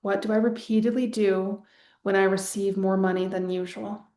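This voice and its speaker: A woman's voice: mid-range voice, flat delivery, moderate pace, warm tone, roomy sound. A woman coaching a group through a live wealth masterclass, talking casually and rambling, with sighs and the odd swear word. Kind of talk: live online coaching session.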